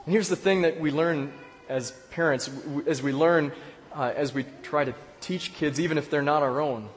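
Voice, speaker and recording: A male pastor tells a personal story in his sermon, pausing often and circling back over his words. His voice sits a little high for a man, and it rings out with a long reverb as if he is speaking in a large church hall. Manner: storytelling with pauses and repeated words.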